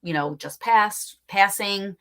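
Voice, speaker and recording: A woman's voice: mid-range voice, takes it slowly, a bit bright. A woman hosting an interview, chatting casually with many fillers and restarts. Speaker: podcast host.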